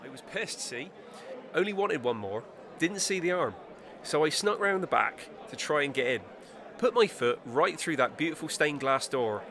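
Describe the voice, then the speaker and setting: A man voicing a tipsy older West Country man telling a rowdy story in a pub, with a caricatured soft West Country accent. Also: on the high side, animated, moderate pace, pitched above the performer's own voice. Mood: boisterous.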